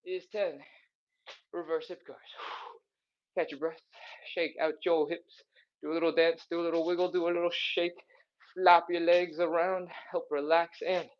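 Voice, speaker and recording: A breathless fitness instructor counts reps aloud and coaches a live stretching session, with cheerful chatty asides between the moves. The audio is slightly dull, like a home livestream. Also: medium pitch. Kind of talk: live follow-along workout coaching. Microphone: streaming setup.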